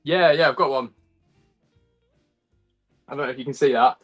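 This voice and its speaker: A chatty young Englishman with a bright, forceful voice, talking as a guest over a video call. He laughs easily, pokes fun at himself, and fills his talk with ums and false starts. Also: medium pitch, normal speed, husky, soft background music. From England. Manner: chatty and self-deprecating, laughs often, lots of ums and restarts. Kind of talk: casual interview chat.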